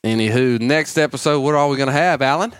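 A man co-hosting a podcast in casual chat, joking and quick to laugh. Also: medium pitch, clear, resonant tone, no echo, studio quality. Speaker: podcast co-host.

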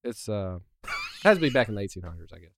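A man's voice: fairly low pitch, sing-song, fast talker, slight background noise. A man co-hosting a casual chat, teasing the others. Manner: laid-back, teasing.

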